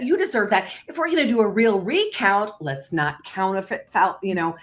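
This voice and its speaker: Hosting a talk show streamed live over a video call, a woman recounts a story in rapid, emphatic bursts. Key points send her pitch jumping up, and her whole delivery is lively and animated.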